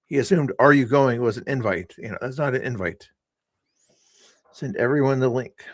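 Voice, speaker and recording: A man's voice: mid-range voice, moderate pace, dry recording, studio quality. A man hosting a casual livestream, rambling and teasing his guests and chat with sarcastic inflection. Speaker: livestream host.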